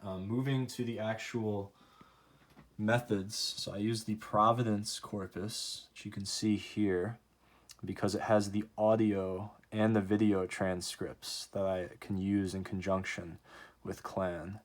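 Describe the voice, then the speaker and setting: A man's voice: on the low side, flat delivery, a little slow. A young man giving an academic presentation, thoughtful and a little hesitant, with fillers as he explains his research. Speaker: student presenter.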